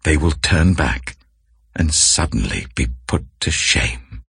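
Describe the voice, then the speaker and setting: Very deep, gravelly man reading scripture. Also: animated, fairly bright tone, no room sound, studio quality. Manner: measured, grave delivery. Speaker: scripture reader. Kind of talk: slow solemn Bible reading.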